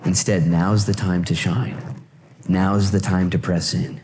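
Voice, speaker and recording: Lively, joking male pastor preaching. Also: low voice, unhurried, slight background noise. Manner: lively, joking, repeats phrases for emphasis. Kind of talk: sermon. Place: church service.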